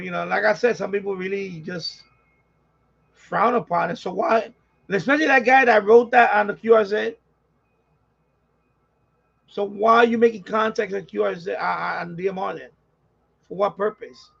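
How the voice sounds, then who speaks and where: Gravelly high-voiced New York man venting. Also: fairly bright tone, muffled recording. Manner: exasperated, repetitive venting. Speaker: ham radio streamer. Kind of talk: casual live-stream rant.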